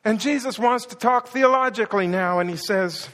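A man's voice: high voice, steady tone, a little fast, few pauses, a bit bright. A male pastor preaching a sermon with passion, acting out the quoted words with rising intensity. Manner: impassioned, acts out quoted lines with rising intensity. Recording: long hall reverb.

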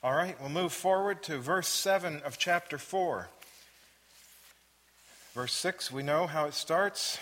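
A man's voice: fairly high pitch, takes it slowly, pauses often, a bit bright, big-room sound. A man leading a Bible study, reading verses aloud, asking the listeners questions and repeating phrases for emphasis. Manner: reads scripture aloud then asks the listeners questions.

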